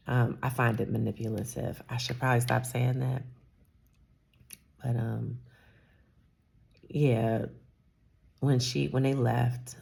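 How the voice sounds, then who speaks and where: A woman's voice: rumbling low, creaky, mellow, slightly rough. A woman in her fifties, a salon owner, talking candidly and rambling a little in a personal vlog, sometimes dropping to a whisper. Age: 50s.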